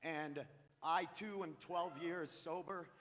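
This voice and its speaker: A stand-up comedian from New England, ranting loudly and profanely through a live set on a theater stage. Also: male voice, a little high, fairly even intonation, slow. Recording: live theater with long reverb.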